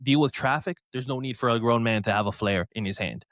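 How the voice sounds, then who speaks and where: A man co-hosting a podcast, heated and ranting, who stumbles over his own restarts. He sits at a middle pitch, and his voice is recorded close and dry, with no room sound. He talks in a loose, casual way. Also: fast, a bit bright, no room sound. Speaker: podcast co-host.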